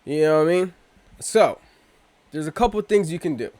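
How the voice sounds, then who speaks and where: A man's voice: on the high side, normal speed, darkish tone, no echo. A man hosting a casual crypto video, rambling and swearing, often breaking off mid-thought with slang. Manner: rambling, profane, self-interrupting with slang. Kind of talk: casual rambling vlog talk.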